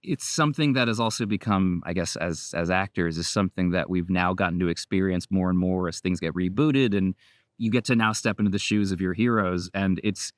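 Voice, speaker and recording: A man in his thirties talks casually as a guest, loose and rambling, with frequent laughs. His voice sits low and sounds dry and close. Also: brisk, no room sound. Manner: relaxed, rambling, laughs often. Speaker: voice actor guest. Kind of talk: casual interview chat.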